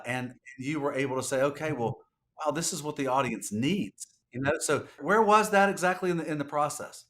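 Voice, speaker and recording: A man's voice: medium pitch, fairly bright tone. A man hosting a podcast interview, reflecting at length before asking his questions. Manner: reflective, long rambling questions. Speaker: podcast host.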